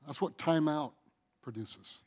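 A middle-aged male preacher delivering a sermon in an unhurried, deliberate cadence. His voice sits a little high for a man, and he drives points home with sudden loud bursts before dropping to near-whispers. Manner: emphatic, drawn-out phrases, loudness swinging from booming to hushed.

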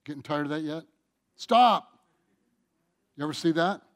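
A middle-aged man preaching a sermon, stretching out his phrases and swinging between booming emphasis and hushed asides. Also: flat delivery, very fast.

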